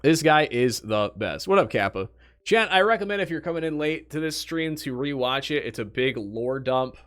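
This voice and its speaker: A young man streaming, chatting casually with his viewers and telling animated stories from a trip. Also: fairly high pitch, moderate pace. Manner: animated storytelling, talks to chat.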